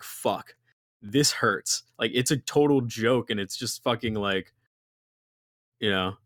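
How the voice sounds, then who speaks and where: Young male musician guest, rambling casual delivery, heavy profanity, low-ish dry voice. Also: fairly bright tone, no room sound. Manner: rambling, heavy swearing, many fillers. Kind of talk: casual interview chat.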